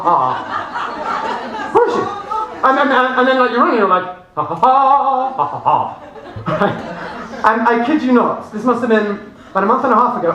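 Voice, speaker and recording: Animated man speaking to a seminar crowd. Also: sits high. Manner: animated, laughing, addresses audience directly. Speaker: motivational speaker. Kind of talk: live seminar talk. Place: seminar room with audience. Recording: echoey room from far off, faint noise.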